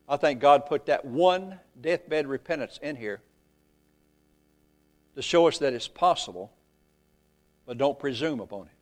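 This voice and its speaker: A man preaching a sermon, reading scripture aloud, rising loud and slow for emphasis, then falling very low and soft. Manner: reads scripture in old-fashioned phrasing.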